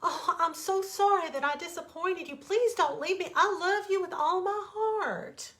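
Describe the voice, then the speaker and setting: A woman's voice: high-pitched, expressive, moderate pace, fairly bright tone, pitched above the performer's own voice. A woman voicing an anxious, devoted mother rabbit in a bedtime storybook reading, with a pleading, emotional manner.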